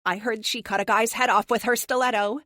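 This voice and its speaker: A woman voicing a young female superhero with a soprano voice, excited and emphatic. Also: a little high, a little fast, no room sound, clean studio sound, voice pushed up, close to an everyday voice.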